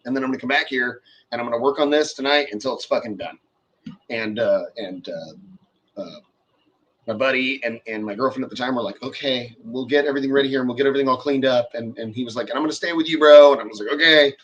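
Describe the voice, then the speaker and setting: A man's voice: mid-range voice, quick pace, a bit bright, highs cut off, slight background noise. A man in his forties telling a long workshop story in casual, profane chat, acting out the people he quotes.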